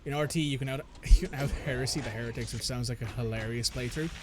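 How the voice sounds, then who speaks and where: A man's voice: mid-range voice, fast, noisy background. A man chatting casually while playing a video game, rambling and joking as he interrupts himself. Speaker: gamer commentating gameplay with friends. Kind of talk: casual gameplay commentary.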